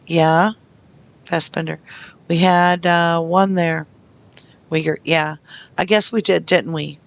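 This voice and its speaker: A reader going through investigation transcripts aloud, naming each speaker and stage note in a flat way. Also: medium pitch, gravelly, muffled recording. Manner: reads out speaker labels and stage notes flatly.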